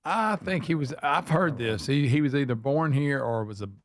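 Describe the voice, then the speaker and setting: A man co-hosting a radio talk show, cracking quick jokes in casual banter. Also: medium pitch, animated. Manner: quick, wisecracking. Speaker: co-host.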